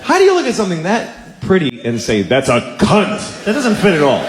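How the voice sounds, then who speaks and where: A man doing stand-up comedy, riffing quickly and breaking into sudden loud exclamations. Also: high-pitched, huge pitch swings, roomy sound, background noise.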